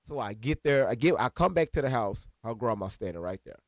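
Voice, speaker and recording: A man casually telling a personal story to viewers, animated and profane, calling them y'all. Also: medium pitch, brisk, no room sound, clean studio sound. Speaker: storyteller recounting a personal incident.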